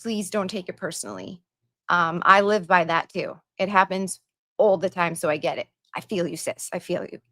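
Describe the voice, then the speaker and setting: A woman's voice: fairly low pitch, expressive, moderate pace, fairly bright tone, no echo, studio quality. A woman hosting a livestream, chatting casually and reading viewer donations and messages aloud with her own asides.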